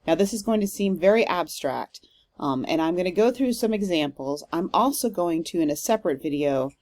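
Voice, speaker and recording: A literature professor works through a recorded lesson in a fairly low voice, measured and explanatory, dropping steady "um" fillers along the way. The recording is close and dry, with no room sound at all.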